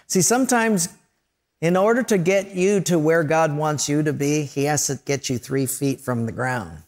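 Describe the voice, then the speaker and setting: Storytelling preacher with a higher voice. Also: male voice, normal speed. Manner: storytelling preacher, acts out voices and sound effects. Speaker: pastor. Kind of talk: sermon.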